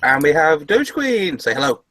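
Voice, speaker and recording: A man's voice: a little high, big pitch swings, moderate pace, sharp tone, low-quality recording. A man hosting a casual podcast chat, laughing often and stumbling over restarts. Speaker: podcast host.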